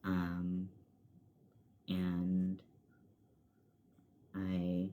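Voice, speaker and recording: A man's voice: low-pitched, steady tone, extremely slow, gravelly, pauses often, mellow, slight background noise. A man talking casually through a makeup tutorial at home, rambling and self-deprecating, with the odd muttered swear. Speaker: makeup vlogger. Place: at home, seated at a desk with a laptop.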